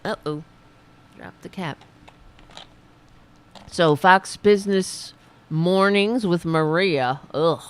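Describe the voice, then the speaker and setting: A woman hosting a political commentary show, reading news items and breaking off into sarcastic, profane rants in a slightly raspy voice. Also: fairly low pitch, takes it slowly, pauses often. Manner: sarcastic, profane, reads news then riffs.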